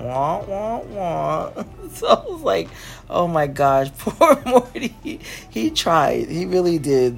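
Gravelly woman, laughing recap host. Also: extremely low pitch. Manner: animated, laughs often, acts out characters' lines. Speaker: podcast host reviewing a cartoon episode. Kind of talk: casual recap chat.

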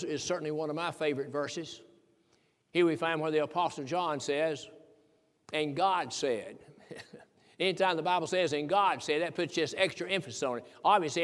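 A Tennessee preacher, older and with a voice a bit high for a man, delivers a folksy, emphatic sermon that rises into fervent high peaks, punctuated by chuckles. Long church-hall reverb trails each phrase.

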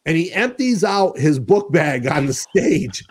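A middle-aged man hosting a casual chat, telling stories in an animated way and laughing often. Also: a little high, a little slow, breathy edge. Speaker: host.

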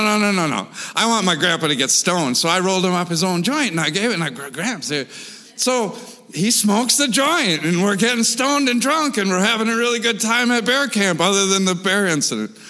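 A man casually telling a wild story with animated, profane delivery, full of sound effects and repetitions. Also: sits high, long reverb tail.

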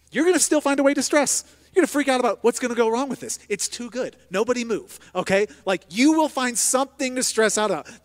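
Male pastor, high-pitched, delivers a sermon that swings from hushed prayer to loud emphasis, long hall reverb.

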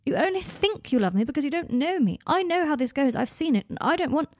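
An anxious, defensive young man pleads in a high, strained voice, as a woman reading the story puts him on. The tone is dark and gravelly, recorded dry and close. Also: fairly even intonation, fast talker, no room sound. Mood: distressed.

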